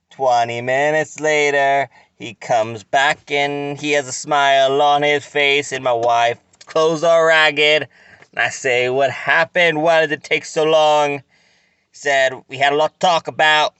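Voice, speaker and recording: Slow, crisp-voiced man telling a crude story. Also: mid-range voice, a bit bright, dry recording. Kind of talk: comic monologue.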